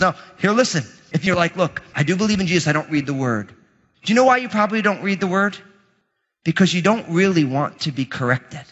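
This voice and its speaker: A man with a high, bright, forceful voice preaches a lively, conversational sermon full of dramatic asides. His voice rings with a long reverb, as if he is in a large hall. The recording sounds dull and lo-fi. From Italian heritage. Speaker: pastor.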